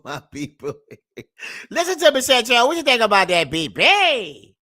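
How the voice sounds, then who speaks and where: Animated man preaching reaction commentary. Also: very high voice, no echo, studio quality. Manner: preachy, keeps calling out to the people; drawn-out, animated swings between mutter and shout. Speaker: reaction video host.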